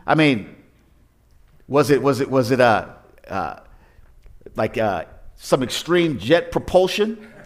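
A man's voice: medium pitch, big pitch swings, slow, pauses often. A man preaching a sermon as pastor, telling the story in a conversational way with rhetorical questions and frequent restarts.

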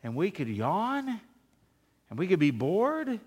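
A man preaching a sermon as a pastor, animated, half-singing lines of an old hymn. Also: high-pitched, slow pace. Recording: long reverb of a large hall.

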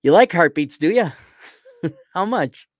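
A man hosting a solo podcast who rants bluntly and swears freely, with sarcastic asides thrown in. His voice sits a little on the high side. The sound is close and dry, with no room around it. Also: animated, takes it slowly, no echo. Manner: blunt, profane, ranting. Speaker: podcast host.

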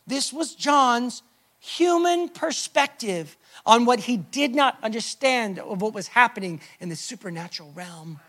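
A pastor preaches a sermon in an extremely high voice with lively intonation and a measured pace. He swings from loud, emphatic lines to hushed, nearly whispered drops as he acts out the voices of hurting people.

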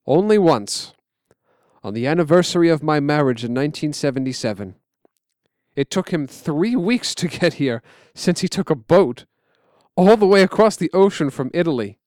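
Man voicing a tender elderly uncle; lively, higher-pitched, dry close sound. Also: normal speed, dry recording, close to an everyday voice. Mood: fond. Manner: laughing, emotional reminiscing. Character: elderly uncle, warm old male storyteller.

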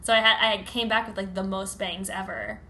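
A woman's voice: mid-range voice, steady tone, a little fast, sharp tone, a little hiss or hum. A woman co-hosting a podcast, talking casually and leading the conversation with questions. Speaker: podcast co-host. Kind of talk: casual chat.

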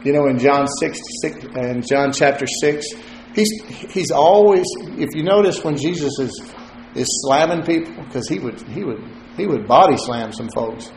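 A man's voice: medium pitch, normal speed, hardly any pauses, a little mellow, a little hiss or hum. A male pastor delivering a sermon in a loose, conversational way, joking at times and repeating words as he thinks. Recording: roomy echo.

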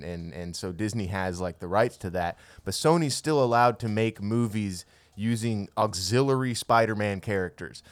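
Smooth-voiced podcast co-host, low and dry. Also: male voice, no echo. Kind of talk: casual chat.

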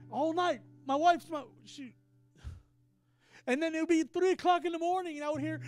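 High-voiced man preaching a passionate sermon. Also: fairly even intonation, moderate pace, pauses often, faint music behind. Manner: swings from hushed storytelling to loud emphatic preaching. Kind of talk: sermon storytelling.

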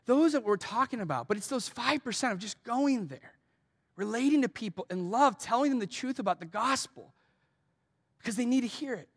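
A man delivers a church sermon, his pitch rising and falling freely as he preaches. He speaks earnestly, turns to his listeners with pointed questions and draws on his own life, then closes in prayer. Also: animated, brisk. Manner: earnest, asks the congregation direct questions; tells personal stories. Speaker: pastor.

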